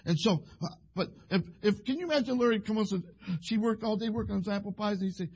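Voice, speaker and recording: A man's voice: high-pitched, fast, darkish tone, breathy edge. A man preaching a sermon in a folksy, rambling way, acting out little scenes between husbands and wives. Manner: folksy, rambling, acts out quoted couples.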